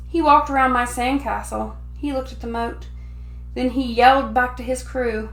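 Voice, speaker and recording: A woman teacher reading a picture book aloud to children in an animated, expressive way. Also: fairly high pitch, moderate pace, roomy sound.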